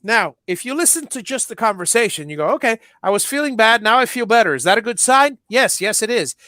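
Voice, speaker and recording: Animated middle-aged man retelling jokes. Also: extremely high pitch, fairly quick, no echo, clean studio sound. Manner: animated storyteller, acts out movie lines, many restarts. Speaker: podcast co-host. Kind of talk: casual nostalgic chat.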